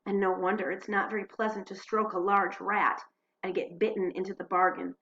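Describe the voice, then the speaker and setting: A woman reading diary entries aloud at home into a computer mic, expressive, slowing and hushing for dramatic moments. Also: mid-range voice, dull audio. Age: adult. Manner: expressive, slows and hushes for drama. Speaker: diary reader.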